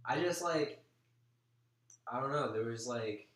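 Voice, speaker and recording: A young man tells a story in an easygoing, slangy way, peppered with swearing and rising excitement. His voice sits at a middle pitch and bounces off the walls of an echoey room. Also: slow pace. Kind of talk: casual chat. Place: apartment room.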